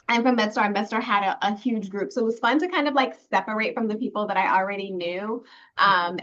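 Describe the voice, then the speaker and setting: A woman's voice: medium pitch, muffled recording. A woman alumna speaking earnestly and reflectively in a casual online panel, with many fillers. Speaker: program alumna. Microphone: video call.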